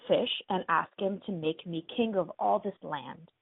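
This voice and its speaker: A woman's voice: lowish voice, a little slow, gravelly, breathy edge, no echo, exaggerated voice. Woman playing a greedy, bossy wife. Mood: pushy. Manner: bossy, brushes things off flatly. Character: greedy, pushy fisherman's wife, never satisfied. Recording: dry, tinny phone-like line.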